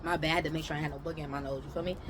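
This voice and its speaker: A young woman from New York telling a casual storytime, animated, with loud outbursts and mumbled asides. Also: sits low, racing, background noise.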